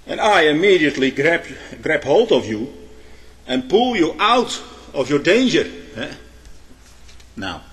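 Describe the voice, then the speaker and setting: A man preaching a sermon. He tells illustrative stories, pauses on hesitations, and keeps adding a questioning "eh?". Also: high voice, fairly bright tone. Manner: frequent "eh?" tag questions, halting restarts. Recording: long hall reverb.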